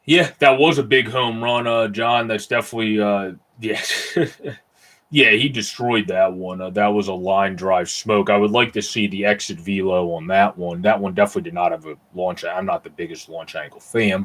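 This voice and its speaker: A man's voice: deep voice, fairly bright tone. A man doing amateur live play-by-play of a baseball game, casually rambling with fillers and answering chat.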